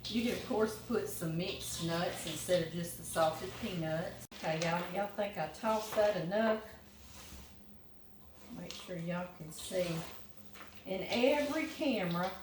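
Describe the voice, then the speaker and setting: A woman's voice: lowish voice, unhurried. A woman from Louisiana with a Southern accent, chatting folksily to her viewers as she cooks in her home kitchen. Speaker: home cooking vlogger. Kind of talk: casual kitchen chat. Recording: roomy kitchen, mic at a distance, noisy.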